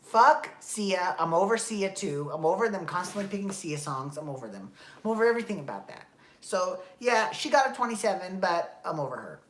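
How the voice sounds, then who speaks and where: Woman host, casual exasperated recap rant, a bit hoarse from dry throat, lower register, echoey room. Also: very animated, fairly quick. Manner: exasperated, profane, rambling. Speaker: podcast host.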